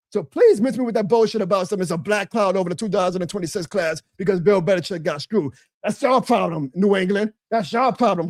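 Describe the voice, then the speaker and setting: A man rants fast and hot, swearing freely and pitching his voice high when worked up. He hosts a sports stream and sinks into grumbling mutters between outbursts. The sound is dry and close. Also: no echo. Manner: fiery, profane, loud and indignant, dropping into low mutters. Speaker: host of a live sports stream. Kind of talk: ranting sports commentary.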